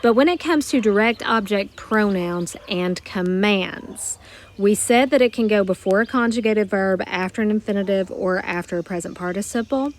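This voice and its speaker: A woman teaching a recorded grammar lesson, explaining patiently step by step and slowing down to model phrases. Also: mid-range voice. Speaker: Spanish teacher.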